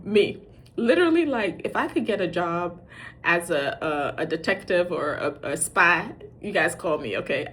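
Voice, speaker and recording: Animated middle-aged mother telling a story. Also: lowish voice, a little hiss or hum. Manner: animated, acts out quoted dialogue, self-mocking. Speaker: parent sharing dating advice. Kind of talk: casual storytelling.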